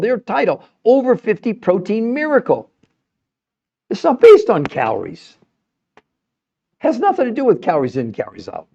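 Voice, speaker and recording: A middle-aged man with a fairly high voice argues his point with passion as he hosts a livestream health talk. He often repeats words and restarts his sentences when he gets fired up. The sound is dull and lo-fi. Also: dark tone. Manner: passionate, emphatic, argumentative. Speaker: health show host answering viewer comments.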